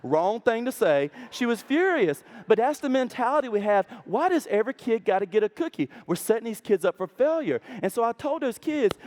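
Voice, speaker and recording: Male keynote teacher, high voice, lively storyteller who acts out every quote. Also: brisk, few pauses. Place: conference stage.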